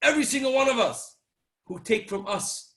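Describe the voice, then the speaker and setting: Male rabbi, animated sermon storyteller, high and bright tone, acts out dialogue. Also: normal speed. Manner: animated storyteller acting out dialogue, swings between loud and soft. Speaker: rabbi giving a Torah talk.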